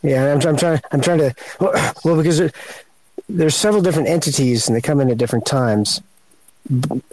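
A man on a podcast explaining government research agencies hesitantly, with many pauses and fillers. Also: medium pitch, darkish tone, low-quality recording. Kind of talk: casual explanation.

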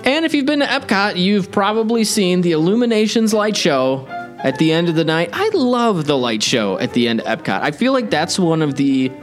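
A man's voice: high-pitched, sing-song, moderate pace, faint music behind. A man hosting a theme park podcast, talking in an enthusiastic, rambling, chatty way. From Chicago area. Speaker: podcast host. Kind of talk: casual podcast chat.

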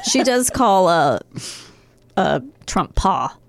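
A woman co-hosting a podcast in casual chat, talking fast and getting exasperated with plenty of swearing. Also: on the low side, creaky, no echo. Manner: animated, swearing, exasperated rants. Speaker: podcast co-host.

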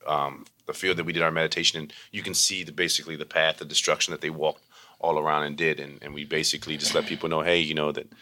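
A man from Baltimore, a yoga and mindfulness teacher, telling stories in a chatty, animated way full of "you know.". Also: rumbling low, fast talker. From Baltimore, USA. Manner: animated, acts out quoted voices; frequent fillers like "you know". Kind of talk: conversational storytelling.

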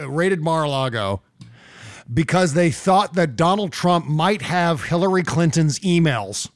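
A man's voice: a little high, lively intonation, dry recording, studio quality. Sarcastic man hosting a political podcast. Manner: sarcastic, mocking, quick asides. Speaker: podcast host. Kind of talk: casual political commentary.

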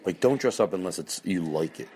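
A middle-aged man hosting a podcast, rambling casually and jokingly, and slipping into high mocking voices when he acts out bits. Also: lively intonation, fairly quick, a little mellow, slight background noise. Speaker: podcast host.

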